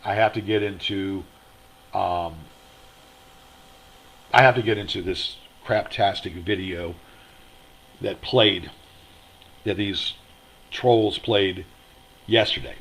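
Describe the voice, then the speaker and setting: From a motel room, a man hosting his own online show delivers an angry livestream monologue, rambling, aggrieved, and repetitive. He speaks low and slow with long pauses, his voice a bit bright, and the audio is poor.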